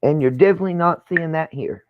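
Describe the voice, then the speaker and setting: A woman with a deep voice hosts a reaction channel, chatting casually and opinionatedly as she thinks aloud about a clip. She talks quickly and hiccups throughout, with background noise and dull lo-fi sound.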